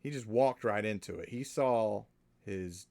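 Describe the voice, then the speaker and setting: A man running a tabletop game as game master, describing the scene in a slow, halting way. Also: on the low side, darkish tone.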